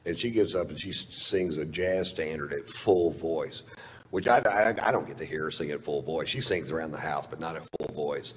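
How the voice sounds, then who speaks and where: Deep-voiced man telling a stand-up story. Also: normal speed. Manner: laid-back, profane storytelling. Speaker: stand-up comedian. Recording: reverberant live hall, faint hiss.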